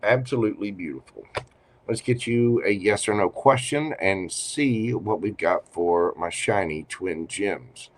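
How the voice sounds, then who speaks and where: A man giving a live tarot reading, chatty and expressive, speaking straight to the viewer. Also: on the low side, unhurried, slight background noise. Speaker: tarot reader.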